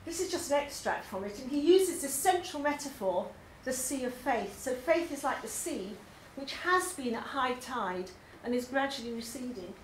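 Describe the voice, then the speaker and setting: An English poetry tutor with a high, animated voice speaks at a moderate pace with hardly any pauses. She presents her poetry course to a group in a labour club hall, chatty, enthusiastic and peppered with ums. The recording has an echoey hall sound and faint noise.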